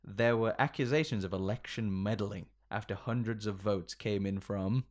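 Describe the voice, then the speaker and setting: A man's voice: fairly low pitch, moderate pace. A man co-hosting a podcast in casual comedic chat, often laughing and reading out posts with mock emphasis. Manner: giggly, reads out tweets with mock emphasis. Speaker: podcast co-host.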